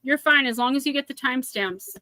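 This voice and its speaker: A woman with a New Jersey accent gives a live oracle card reading in a slightly high, very bright voice. She talks to her viewers in a chatty way and often calls them by name. The sound is dry and close, with no room echo. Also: brisk.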